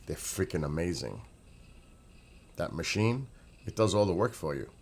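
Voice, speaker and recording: A man with a deep, low voice talks in a loose, rambling vlog at home. He raves with enthusiasm and circles back to the same points again and again. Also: very animated, moderate pace, a little mellow, breathy edge. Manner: enthusiastic, rambling, repeats himself. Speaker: vlogger. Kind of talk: casual chat.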